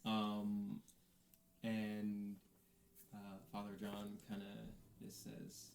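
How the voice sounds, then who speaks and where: A man narrating a tabletop game as game master, slow and full of hesitant fillers. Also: lowish voice, completely flat delivery, a little mellow, echoey room, poor audio.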